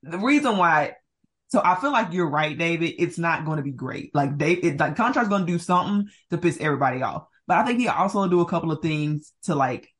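A woman's voice: on the low side, animated, fairly quick. A woman co-hosting a sports podcast in casual chat, talkative and laughing often. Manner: chatty, laughs often, hedging with "like". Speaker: podcast co-host.

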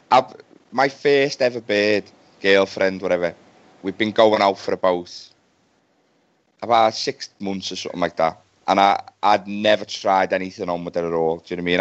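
A man's voice: deep voice, muffled recording. A man co-hosting a podcast, rambling through a slangy embarrassing anecdote in casual chat. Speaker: podcast co-host. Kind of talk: casual banter.

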